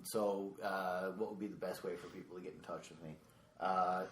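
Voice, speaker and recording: A man, a stand-up comedian, chatting casually on a podcast in a rambling way full of fillers. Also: sits low. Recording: echoey room with faint noise.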